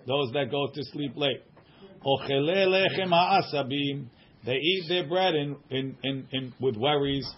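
A man teaching a study group, reading aloud and translating line by line, checking in with "right?". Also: fairly high pitch. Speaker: Talmud teacher. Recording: dull lo-fi recording.

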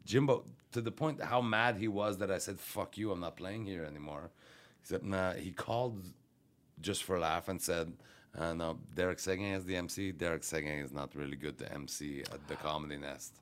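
A man's voice: low voice, moderate pace. A man, a comedian, telling a rambling, profane story in casual podcast chat. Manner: rambling, profane, self-interrupting. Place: radio studio.

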